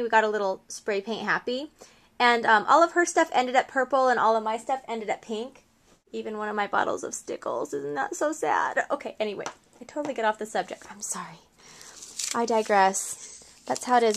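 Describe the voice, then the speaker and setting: A woman's voice: a little high, fairly bright tone, a little hiss or hum. A woman hosting a casual crafting tutorial at home, chatty and upbeat, often wandering into friendly asides while she works. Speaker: craft video host.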